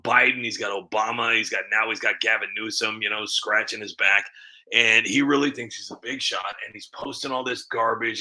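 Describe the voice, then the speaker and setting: A middle-aged man, a comedy creator, talking candidly to his audience in a rambling, self-mocking way with a slightly rough voice. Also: fairly low pitch, bright, forceful tone, poor audio. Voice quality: a bit rough, smoker-like. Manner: rambling, candid, laughing at himself. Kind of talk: casual commentary to camera.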